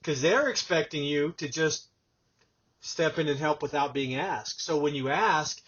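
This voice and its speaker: Recorded on dull lo-fi audio, this man hosts a casual podcast conversation, animatedly telling stories and performing other people's quotes. He speaks with a fairly high pitch at a measured pace, with a breathy edge.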